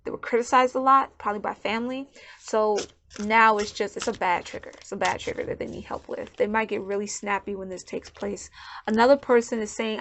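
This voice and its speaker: A woman's voice: mid-range voice, brisk, fairly bright tone, a little hiss or hum. A woman giving a channeled tarot reading in a loose, conversational way, often repeating words as she searches for her thoughts. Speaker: tarot reader.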